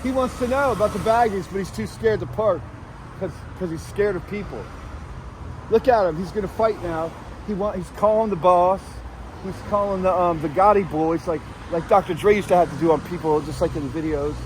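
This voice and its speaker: Man, high voice, rambling deadpan street report, crude jokes, faint traffic noise behind. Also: fairly quick. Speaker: street vlogger asking passers-by questions. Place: city street at night, outdoors. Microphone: handheld camera.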